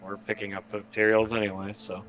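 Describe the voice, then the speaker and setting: A man's voice: fairly low pitch, level tone, fairly quick, fairly bright tone, slight background noise. A man playing in a casual tabletop game, laid-back and hesitant, with plenty of fillers. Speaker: player.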